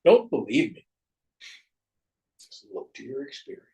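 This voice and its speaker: A man's voice: medium pitch, big pitch swings, unhurried, creaky, mellow, low-quality recording. A man teaching a class on spiritual verses, telling stories in a wry, joking way.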